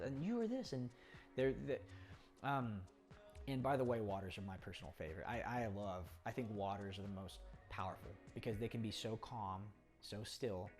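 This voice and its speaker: A chatty young man with a lowish voice talks through his ideas in a loose, rambling way, full of restarts and quick laughs. Faint music plays underneath him. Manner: chatty, rambling, laughs often, acts out quoted people. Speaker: poker coach. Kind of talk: casual talking-head explainer.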